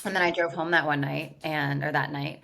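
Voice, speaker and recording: A woman's voice: deep voice, fairly even intonation, fairly quick, vocal fry, fairly bright tone. A woman guest in a casual podcast interview, telling her story candidly and animatedly with lots of "like" fillers. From California, USA. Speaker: guest, business founder.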